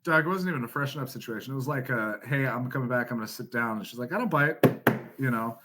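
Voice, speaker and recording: Bright-voiced man telling a profane story. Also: mid-range voice, fast talker. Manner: profane, laughing, animated storyteller. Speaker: podcast guest. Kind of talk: casual storytelling.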